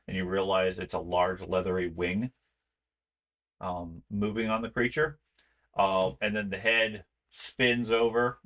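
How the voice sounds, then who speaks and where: Game master, male, slightly low voice with a bright edge, calm descriptive narration peppered with ums. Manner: unhurried scene-setting with frequent ums.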